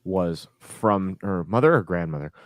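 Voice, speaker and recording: A man's voice: low voice, normal speed, no echo. Dry-sounding man telling stories, swearing. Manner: profane, animated storytelling with restarts. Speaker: podcast co-host. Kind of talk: casual podcast chat.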